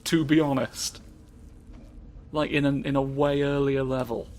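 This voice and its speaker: A man's voice: medium pitch, little pitch movement, a little slow, darkish tone, a little hiss or hum. A man giving sardonic gameplay commentary, grumbling and swearing at the game. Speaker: let's play commentator.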